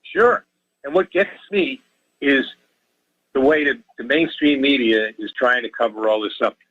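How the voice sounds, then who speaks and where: A man phones in to a radio show with an impassioned rant, pleading emotionally and repeating himself. His voice is medium-pitched and unhurried, and the recording is dry, coming through a muffled telephone line.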